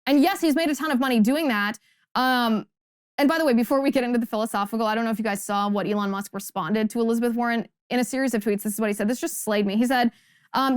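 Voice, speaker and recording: A woman's voice: fairly high pitch, fast, clean tone, dry recording. Emphatic woman, dry studio sound. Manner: emphatic, sarcastic, rhetorical questions. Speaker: political commentary host. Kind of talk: opinionated monologue.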